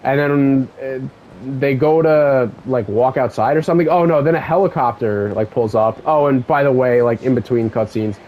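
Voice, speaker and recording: Rambling, excitable young gamer guy. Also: mid-range voice, normal speed, muffled recording, a little hiss or hum. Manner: rambling, profane, excitable asides. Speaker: let's play gamer. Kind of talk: casual game story recap.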